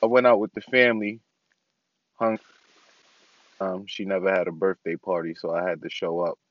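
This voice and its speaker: Young guy talking low and easy in his car, lots of ums, kinda muffled lo-fi audio. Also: flat delivery, moderate pace, no echo. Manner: laid-back, rambling with many ums. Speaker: podcast host. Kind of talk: casual vlog update. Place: inside a parked car.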